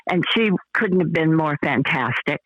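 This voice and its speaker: An older actress being interviewed, talking in a rambling, effusive way with lots of fillers and restarts. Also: female voice, deep voice, expressive, normal speed, fairly bright tone, dry recording, dull audio. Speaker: actress guest. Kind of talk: casual interview chat.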